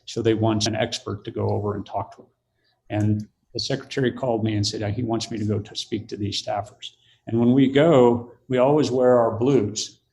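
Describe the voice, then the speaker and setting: A man's voice: lowish voice, steady tone, brisk, creaky, dark tone. An older man, a podcast guest, telling a story in conversation and acting out the quoted voices.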